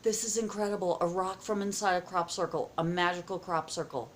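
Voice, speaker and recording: A woman vlogging at home as she opens happy mail, excited, gasping and halting with many fillers. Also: on the low side, slight background noise. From United States. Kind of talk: casual vlog chat. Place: home, indoors.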